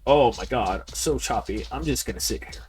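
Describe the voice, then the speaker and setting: A man's voice: medium pitch, normal speed, faint music behind. A man giving casual, rambling commentary while playing a game, often repeating words and talking straight to his viewers. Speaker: game streamer. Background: people yelling in the background.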